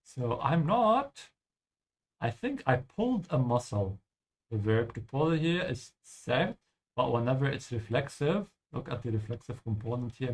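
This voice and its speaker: Man, German teacher, game lesson, animated intonation, patient explanations. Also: mid-range voice. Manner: explains patiently, ending points with "yeah?". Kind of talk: language lesson over gameplay.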